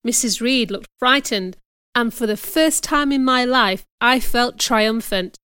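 A woman narrates an audiobook slowly and deliberately. Her voice is a little high, with a smooth, clear tone. The recording is close and dry. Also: pushed and bright, no echo. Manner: slow, measured narration. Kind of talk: audiobook reading.

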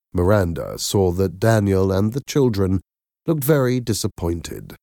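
A man narrating a storybook slowly and clearly, with an expressive delivery. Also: low voice, no echo, studio quality. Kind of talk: storybook reading.

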